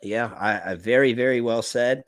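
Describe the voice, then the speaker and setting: An American man hosting a casual talk. He tells animated personal stories, often restarts his words and calls people "bro". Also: mid-range voice, normal speed, no room sound. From United States. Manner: animated storytelling, repeats words, says bro. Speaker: podcast host. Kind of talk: casual conversation.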